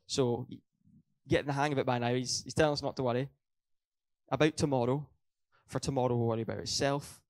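A man's voice: medium pitch, fairly even intonation, a little fast. A young man preaching a sermon in a church hall, earnest, hammering his points home by repeating them and correcting his own slips.

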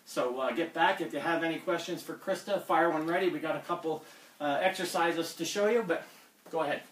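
A man's voice: on the high side, fairly quick, fairly bright tone, reverberant, distant mic, slight background noise, low-quality recording. A man coaching fitness on a live stream, blunt and lecturing as he talks through diet advice.

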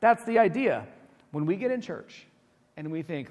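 A man preaching a sermon as pastor, animated and conversational, acting out quoted voices. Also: high-pitched, moderate pace, a little hiss or hum. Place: church sanctuary. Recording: long church hall reverb.

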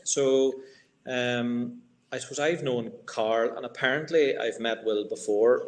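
A man's voice: mid-range voice, steady tone, unhurried. A man as a guest in a casual interview, self-deprecating and laughing at his own jokes.

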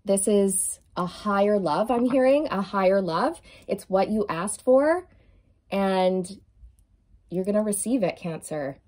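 A woman doing an effusive, emphatic tarot reading, stretching out key words and now and then singing a lyric softly. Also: medium pitch, expressive, measured pace. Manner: sings song lyrics softly at times. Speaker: tarot reader.

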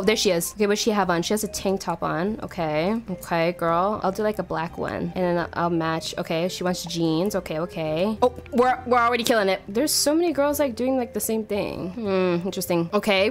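A young woman commenting excitedly on her gameplay, bubbly and given to squeals, calling her teammate girl. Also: medium pitch. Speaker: gaming YouTuber. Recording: faint music behind.

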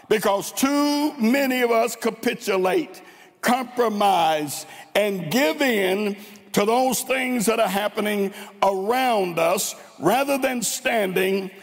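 A man from Tennessee with a Southern accent, preaching a fervent sermon with drawn-out, dramatic emphasis in a large church. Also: high-pitched, creaky. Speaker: guest preacher. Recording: long reverb in a large church.

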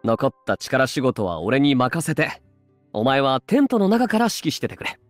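An actor voicing an easygoing, protective young man who gently teases his girlfriend in a game's dub dialogue. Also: medium pitch, big pitch swings, quick pace, no room sound, soft background music, natural voice. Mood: teasing. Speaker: game character voice. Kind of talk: Japanese dub game dialogue.

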